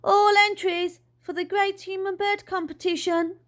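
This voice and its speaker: A woman voicing a brisk, officious little chubby man with a clipboard, who booms his questions and announcements. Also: sing-song. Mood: announcing.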